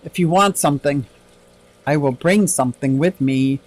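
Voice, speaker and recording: High-pitched guy rambling on a stream, chatty and upbeat, reading chat out loud. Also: normal speed, low-quality recording. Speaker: livestream host. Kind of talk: casual livestream chat reading comments.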